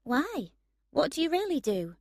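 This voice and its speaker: A woman's voice: sits high, big pitch swings, measured pace, no echo, pitched above the performer's own voice, exaggerated voice. A woman voicing a tired young waitress with a dry sense of humour in a storybook reading. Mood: wry.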